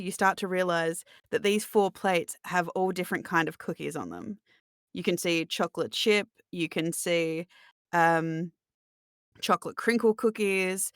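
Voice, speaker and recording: A woman acting as game master, narrating a tabletop role-playing scene in a relaxed, chatty way, often laughing. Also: lowish voice, clean tone, no room sound, clean studio sound.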